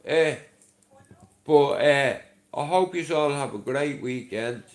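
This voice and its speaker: A man's voice: mid-range voice, slow pace. A middle-aged man with a Dublin accent, chatting casually to his livestream viewers, rambling and swearing freely, with a chesty voice from a chest infection. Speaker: livestream host.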